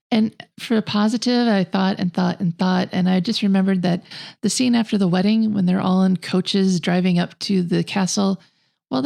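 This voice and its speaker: A woman's voice: medium pitch, vocal fry, darkish tone. A woman co-hosting a film podcast, giving a blunt and scathing review in casual chat. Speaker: podcast co-host.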